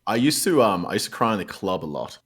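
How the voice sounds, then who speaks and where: Low-voiced male podcast guest, easygoing storyteller with casual cursing. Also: sing-song, fast, a bit bright. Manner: laid-back, swears casually, rambling storytelling.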